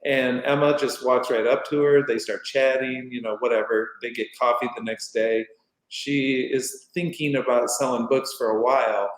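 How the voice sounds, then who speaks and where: A middle-aged man tells a story at an easy, rambling pace, his voice sitting at an ordinary middle pitch. He slips into acted quotes as he goes. The sound carries a roomy echo. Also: fairly even intonation, moderate pace. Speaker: podcast guest. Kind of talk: casual storytelling. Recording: roomy echoey room.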